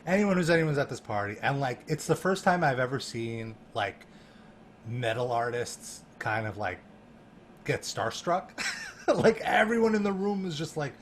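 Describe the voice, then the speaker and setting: Animated man telling a story, full of fillers. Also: medium pitch, normal speed, a little hiss or hum. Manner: animated, laughing, heavy use of "like" fillers. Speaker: guest, music journalist. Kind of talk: casual podcast storytelling.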